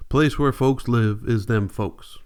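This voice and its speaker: A bitter, grief-worn farmer pushed off his land, talking in rough country dialect, as a male reader gives him voice. The tone is smooth and resonant, at a middling pitch for a man, and the lines come out as a storybook reading. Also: slow, close to an everyday voice. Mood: grieving. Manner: rough rural dialect, angry outburst.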